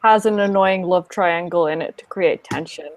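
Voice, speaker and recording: A woman's voice: fairly low pitch, normal speed, dry recording. A woman guest in a casual live group chat over a video call, speaking in a wry, sarcastic way. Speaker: booktuber guest.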